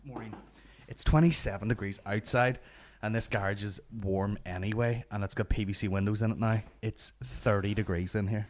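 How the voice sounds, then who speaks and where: A Northern Irish man hosts a comedy podcast from his warm home garage, rambling, swearing and trading crude jokes. His voice is lowish, with fairly even intonation and a moderate pace.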